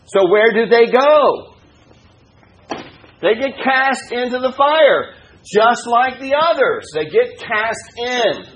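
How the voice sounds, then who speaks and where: A man preaching at an unhurried pace, drawing words out, in a folksy, joking way. He swings between raised preaching and low conversational asides, with a faint hum of room noise behind him. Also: fairly bright tone, poor audio. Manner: folksy and joking, often saying "you know". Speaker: pastor teaching a Bible study. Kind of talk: conversational Bible teaching.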